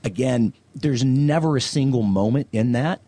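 Man from the South, blunt opinionated podcast co-host, husky, dry sound. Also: mid-range voice, moderate pace, mellow, dry recording. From American South. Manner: opinionated, blunt, frequent ums and restarts. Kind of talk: casual movie-review chat.

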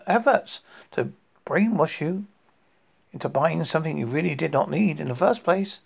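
Brit guy nearly sixty reading his own spooky story, rambly, a bit high, muffled lo-fi sound. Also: vocal fry. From United Kingdom. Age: 50s. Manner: rambling, self-interrupting, with jokey asides. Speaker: horror podcast host. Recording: dull lo-fi recording.

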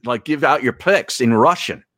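A man's voice: medium pitch, animated, moderate pace, fairly bright tone, slight background noise. A man co-hosting a sports radio show, riffing and joking in casual talk. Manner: joking, riffs on ideas.

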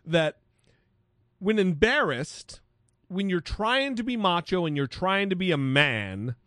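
A man with a fairly high, very lively voice picks apart a friend's story and often stumbles into restarts as he reaches for a point. He laughs easily. The sound is dry and close. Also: takes it slowly, no echo. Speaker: podcast co-host. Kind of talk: casual chat.

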